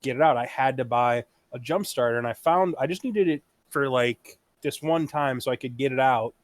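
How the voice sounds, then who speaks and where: A man's voice: medium pitch, moderate pace, no echo. A young man co-hosting a casual podcast, telling stories in a laid-back way with casual swearing. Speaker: podcast co-host. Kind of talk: casual chat.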